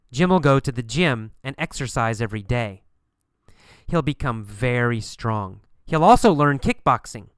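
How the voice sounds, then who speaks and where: A man giving a recorded English lesson in a smooth, resonant voice. He is slow, repetitive and encouraging, and he sounds close and dry on the mic. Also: mid-range voice, expressive, dry recording. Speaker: English teacher.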